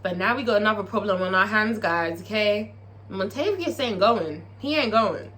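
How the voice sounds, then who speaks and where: Bright, animated British woman. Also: mid-range voice, normal speed. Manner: animated, profane, chatty. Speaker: TV show reviewer. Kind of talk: casual episode recap.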